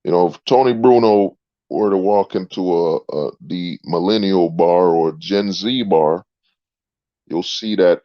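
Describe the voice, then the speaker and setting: A man's voice: low-pitched, a little slow, dark tone, no echo. A man hosting a livestream, ranting in a rambling, sarcastic way, filling gaps with "you know what I mean". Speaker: channel host. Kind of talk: livestream rant. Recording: dull lo-fi, dry sound.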